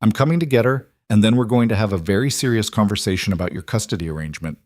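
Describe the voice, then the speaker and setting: A man's voice: lowish voice, fast talker, a little mellow, dry recording, clean studio sound, close to an everyday voice. A man voicing an anxious, protective single father who speaks urgently. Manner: urgent, insistent.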